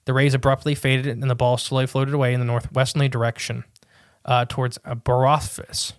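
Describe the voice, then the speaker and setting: A man co-hosting a casual podcast, chatting in a rambling way and reading quotes aloud haltingly. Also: medium pitch, level tone, smooth, no echo, clean studio sound. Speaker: podcast co-host.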